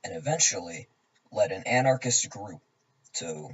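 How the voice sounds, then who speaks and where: A man reading a scripted narration as a student narrator, in a flat, even, low-leaning way. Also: unhurried, husky. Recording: distant mic, dull and lo-fi.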